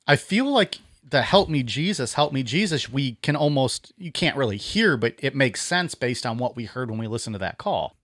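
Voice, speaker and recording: A man's voice: medium pitch, big pitch swings, moderate pace, few pauses, fairly bright tone, no room sound, clean studio sound. A man co-hosting a casual podcast, chiming in to sum up points and ask questions. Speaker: podcast co-host. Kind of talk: casual chat.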